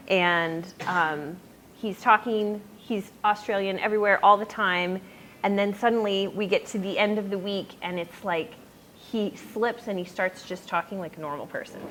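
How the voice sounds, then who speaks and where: A woman's voice: mid-range voice, slight background noise, poor audio. A young adult woman giving a casual youth sermon, chatty and full of fillers and tangents. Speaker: youth speaker. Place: youth group room.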